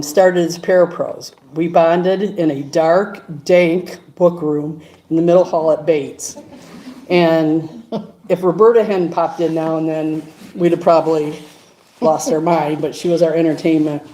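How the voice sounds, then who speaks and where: A woman's voice: low voice, fairly even intonation, a little slow, mellow, rough recording. A woman reminiscing about a friend in a eulogy, chuckling through her stories. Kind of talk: storytelling eulogy at a funeral. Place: funeral service room.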